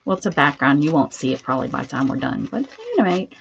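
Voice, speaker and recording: A woman's voice: a bass voice, fast talker, gravelly, husky, dull audio. A woman hosting a crafting livestream, chatting and rambling casually with viewers as she works. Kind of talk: casual chat while crafting.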